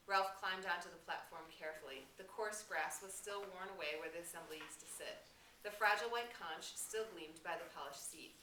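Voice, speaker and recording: A woman teacher reading a novel aloud in a steady, expressive way. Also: fairly low pitch, moderate pace. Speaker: English teacher. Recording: roomy room, distant mic, faint hiss.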